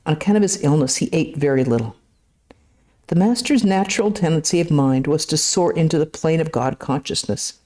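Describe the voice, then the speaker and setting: Woman reading scripture to a class, low pitch, mellow warm tone, measured pace. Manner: steady, measured reading with brief asides. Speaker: scripture reader.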